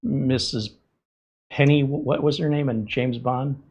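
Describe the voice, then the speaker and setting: A man's voice: medium pitch, fairly even intonation, a little mellow, husky. Casual joking man hosting a tech demo. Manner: hesitant, joking, fills pauses with um and uh. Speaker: tech show host.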